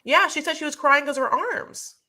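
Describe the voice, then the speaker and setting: A woman co-hosting a podcast, recapping a reality show in casual chat as an animated, rambling storyteller. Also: sits high, a little fast. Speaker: podcast co-host.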